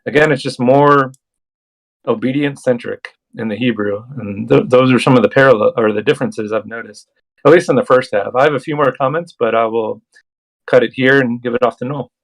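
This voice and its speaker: Male host for a bible study talk, mid-pitched, reads passages then comments casually. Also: a little fast, low-quality recording. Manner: reads verses aloud, then comments conversationally. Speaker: host and scripture reader.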